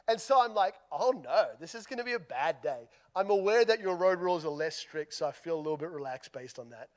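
A man with an Australian accent telling a humorous story in a sermon, self-deprecating and lively, with big shifts in loudness. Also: high-pitched.

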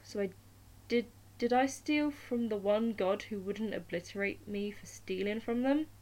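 A woman's voice: medium pitch, measured pace, darkish tone, natural voice. A nervous young male thief from a storybook tale, as a woman reader puts him on. He stammers and hurries over his words, humble and anxious before a god.

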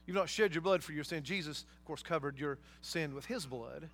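A man's voice: a little high, brisk, fairly bright tone, soft background music. A man preaching a sermon, emphatic, with rhetorical questions and casual asides to his congregation. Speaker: pastor.

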